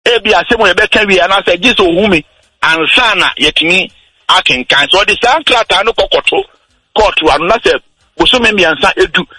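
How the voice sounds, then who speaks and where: A man on a radio talk show, patiently explaining how wills and estates work, slowing down on his key points. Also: high voice, sharp tone, slightly rough, no echo, low-quality recording. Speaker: legal explainer guest.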